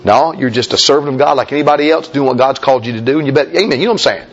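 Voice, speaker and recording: The audio is dull and this preacher's delivery races along. Talking straight to his flock, he gives a folksy, forceful sermon, imitating doubters in a high-pitched voice.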